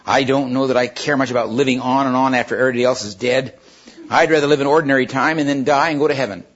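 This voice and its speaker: A man reading a storybook aloud, giving the lines of an earnest young boy in a husky voice. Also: medium pitch, steady tone, quick pace, natural voice. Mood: firm. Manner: urgent, insistent. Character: earnest frightened young boy refusing temptation. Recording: dull lo-fi recording.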